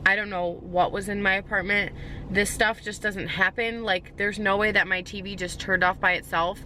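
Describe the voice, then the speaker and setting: A woman's voice: medium pitch, fairly even intonation, moderate pace, sharp tone, slight background noise. Shaken young woman telling a scary story. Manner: shaken, rambling retelling with many "like"s and restarts. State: anxious. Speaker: vlogger. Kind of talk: storytime vlog.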